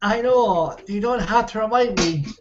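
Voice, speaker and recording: High-voiced man who stammers. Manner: halting, stammers and restarts. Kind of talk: casual chat. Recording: dull lo-fi audio with faint noise.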